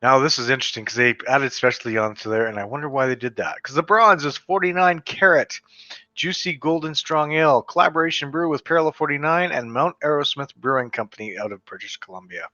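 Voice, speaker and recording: A man's voice: medium pitch, fairly quick, sharp tone, dry recording. A hungover man in a casual vlog, reading award results with rambling, wry asides. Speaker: beer reviewer. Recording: dull, slightly lo-fi sound.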